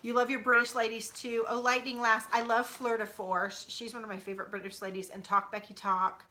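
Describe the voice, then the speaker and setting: Woman, 30s, bright tone, casual chat, lots of fillers, relaxed home vlog. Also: mid-range voice, fairly quick. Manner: chatty, rambling, many fillers. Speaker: YouTuber. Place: home, sitting on a bed.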